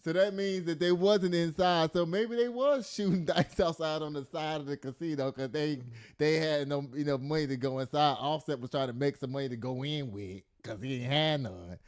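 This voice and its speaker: A man hosting a casual celebrity gossip show, reading news aloud with animated, profane commentary and frequent laughter. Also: on the high side, normal speed, hardly any pauses. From the Bronx. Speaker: podcast host.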